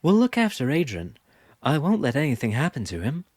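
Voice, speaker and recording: A man reading an audiobook, voicing a gentle, cautious young woman who speaks hesitantly. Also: fairly high pitch, wildly swooping pitch, brisk, slightly rough, no echo, studio quality, pitched above the performer's own voice, exaggerated voice. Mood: reassuring. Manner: hesitant, soft-spoken.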